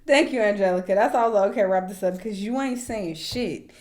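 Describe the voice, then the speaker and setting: Reaction host, woman, mid-pitch, blunt and sassy slang, casual commentary. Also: moderate pace, a little mellow.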